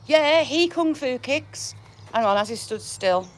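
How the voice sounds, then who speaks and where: A woman's voice: sits high, lively intonation, measured pace. Chatty woman with chickens. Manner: chatty and affectionate, laughing between remarks. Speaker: livestream host feeding her chickens. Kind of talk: casual live chat with viewers. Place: outdoors in a chicken run. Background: chickens clucking and a rooster.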